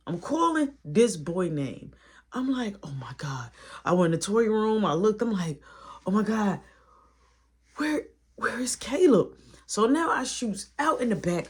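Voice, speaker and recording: A man narrates a personal story in a casual storytime style and puts on the lines of each person in it. His voice is husky and breathy, and his pitch swings widely as he talks. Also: moderate pace. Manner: animated, acts out quoted dialogue.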